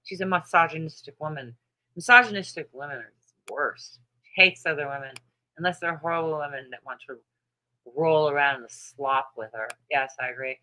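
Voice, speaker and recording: A woman's voice: deep voice, fairly quick, sharp tone, rough recording. A woman in her thirties hosting a casual livestream, gossiping bluntly about others, laughing often and swearing. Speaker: livestream host. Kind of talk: casual livestream chat reading comments.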